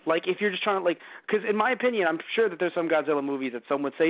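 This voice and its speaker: A man's voice: high voice, expressive, very fast, few pauses, no room sound. A man hosting a casual movie review podcast, rambling with many fillers and restarts. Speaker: podcast host. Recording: dry, phone-like lo-fi audio.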